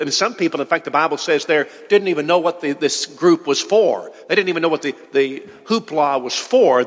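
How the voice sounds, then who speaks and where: A man's voice: on the high side, a bit bright. Man preaching in a reverberant hall. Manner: explanatory, conversational, asks the congregation questions. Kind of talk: sermon lecture.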